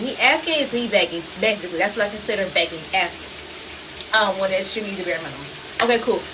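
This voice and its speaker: A woman telling a story in casual chat, swearing and acting out what people said. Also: medium pitch. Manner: animated, swearing, acts out quotes. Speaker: salon customer telling a story. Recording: noisy background with frying sounds.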